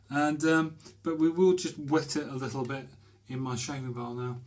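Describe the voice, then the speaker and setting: A British shaving vlogger chats casually to camera from a small bathroom, easygoing, hesitant, and full of pauses and fillers. His voice sits at an ordinary middle pitch with a flat delivery, and he sounds like someone filming himself at home.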